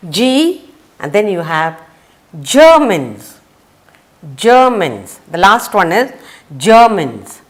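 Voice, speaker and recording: Woman, Indian English accent, kids' vocabulary lesson, sing-song voice, unhurried pace. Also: medium pitch, expressive. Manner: slow, sing-song, repeats words and spells letters. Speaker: teacher.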